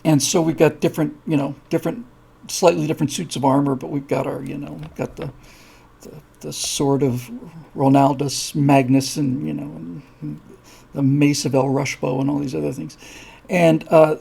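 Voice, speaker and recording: Gravelly, husky male show host. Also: a little high, warm tone. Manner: rambling, many fillers, acts out voices in his stories. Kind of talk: casual live-show storytelling.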